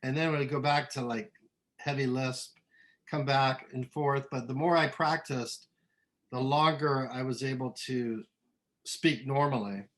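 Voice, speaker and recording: A middle-aged man from Southern California, a musician being interviewed, talking in a relaxed, rambling way with many ums and restarts. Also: medium pitch, a little slow. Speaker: musician guest. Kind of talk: casual interview.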